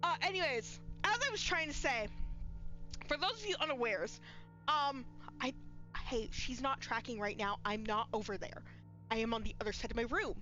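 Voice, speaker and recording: A woman's voice: a little high, lively intonation, moderate pace, sharp tone, faint music behind. A woman streaming a horror game live from her bedroom, chatting nervously and breaking into frightened squeals. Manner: jittery, scared, squealing outbursts. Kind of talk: live gameplay commentary. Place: home bedroom.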